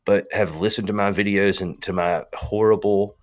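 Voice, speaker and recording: Deep-voiced man with a Southern US accent. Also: normal speed, soft background music. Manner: rambling, slangy, animated. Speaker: host. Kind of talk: casual livestream talk.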